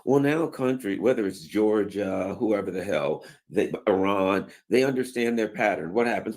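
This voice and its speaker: A man's voice: lowish voice, moderate pace, hardly any pauses, a little mellow. A man giving casual political commentary, sarcastic and colloquial, who often acts out mocking voices. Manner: colloquial, many fillers and asides.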